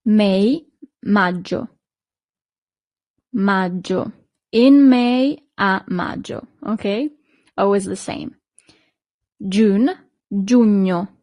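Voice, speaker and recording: A woman teaching to beginners, speaking slowly and patiently and repeating each word twice. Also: mid-range voice, dark tone, no room sound, studio quality. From Italy. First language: Italian. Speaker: Italian teacher. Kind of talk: language lesson.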